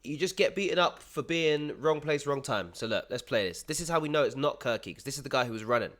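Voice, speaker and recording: A young man runs through online clips in a relaxed commentary voice. His street slang is thick, and he ends nearly every line with bro. His pitch sits in an ordinary middle range. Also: fast, slight background noise. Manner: slangy, says bro after almost every sentence. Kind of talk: casual reaction commentary.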